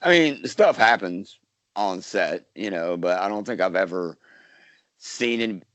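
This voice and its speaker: A man's voice: low-pitched, expressive, measured pace, fairly bright tone, dry recording. A man from South Carolina, an actor guest chatting casually in an interview, rambling with lots of fillers and restarts. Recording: dull lo-fi dry sound.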